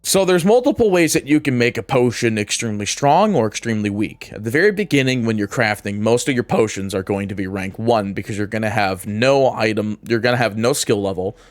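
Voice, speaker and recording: A man's voice: on the low side, lively intonation, fairly quick, few pauses, dry recording. A man narrating a casual game tutorial, explaining steps with occasional fillers and self-corrections. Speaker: gaming guide creator.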